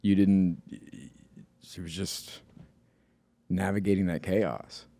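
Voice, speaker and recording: Low-voiced man on a dry mic. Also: slow, creaky, dark tone, no room sound. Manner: reacts with laughs and short interjections, then lays out his guesses thoughtfully. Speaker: podcast co-host. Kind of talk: casual chat.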